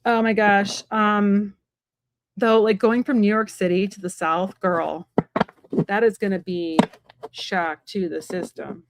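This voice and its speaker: A woman giving a live-stream tarot reading from home, talking fast and rambling in a chatty way with many fillers. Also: medium pitch, steady tone, slight background noise. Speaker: psychic medium and tarot reader.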